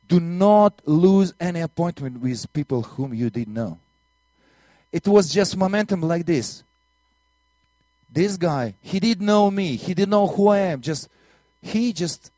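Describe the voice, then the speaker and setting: Missionary preacher from Latvia, Russian accent, slightly high male voice, dry close sound, earnest testimony style. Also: mellow, no echo. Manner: earnest storytelling with broken English and repeated words. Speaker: minister and missionary. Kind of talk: testimony sermon.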